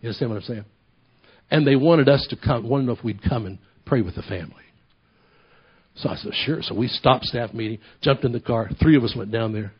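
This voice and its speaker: A man preaching a sermon, telling animated stories, acting out voices and repeating phrases for emphasis. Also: mid-range voice, brisk, husky, lo-fi sound. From Oklahoma ministry, United States. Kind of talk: sermon storytelling.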